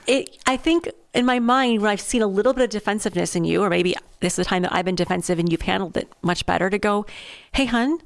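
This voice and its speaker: A woman's voice: mid-range voice, steady tone, fast talker, creaky, hardly any pauses, a little hiss or hum. A woman co-hosting a podcast about marriage, reflective, often voicing quoted lines in conversation. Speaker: podcast co-host. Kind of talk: casual marriage chat.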